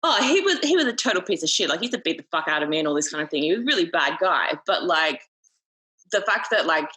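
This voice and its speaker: Candid young Australian woman, bright voice. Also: fairly low pitch, very animated, fast talker, poor audio. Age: young adult. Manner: candid, swears freely, many "like" fillers. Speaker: guest. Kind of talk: casual podcast conversation.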